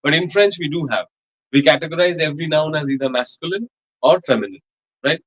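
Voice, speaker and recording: Guy teaching french class, kinda high voice, lots of "you know, like", repeats stuff slowly. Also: fairly bright tone, poor audio. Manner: repetitive, many fillers and restarts, slow spelled-out examples. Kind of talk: classroom lecture. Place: college classroom.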